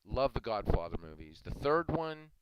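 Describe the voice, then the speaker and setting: A man's voice: medium pitch, big pitch swings, normal speed. A man hosting a stream, chatting casually in a rambling way, often chuckling and repeating himself. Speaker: stream host. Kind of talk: casual chat. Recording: loud background noise.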